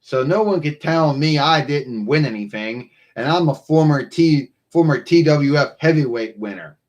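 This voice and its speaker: A man's voice: on the high side, moderate pace, highs cut off. A man hosting his own live stream, talking casually and rambling, often circling back to repeat himself, into what sounds like a computer mic.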